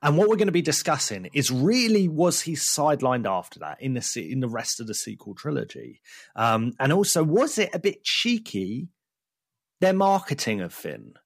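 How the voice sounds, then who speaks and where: A man co-hosts a podcast in a casual, animated way and gets worked up about his opinions. His voice is husky and swoops up and down in pitch. The sound is dry and close, with no room echo. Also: normal speed. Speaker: podcast co-host. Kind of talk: casual chat.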